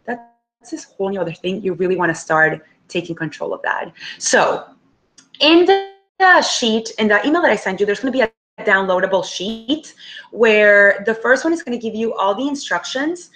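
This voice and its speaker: A woman's voice: medium pitch, expressive, moderate pace, a bit bright. A young adult woman, a career coach, teaching a webinar in a casual, direct way and acting out inner thoughts.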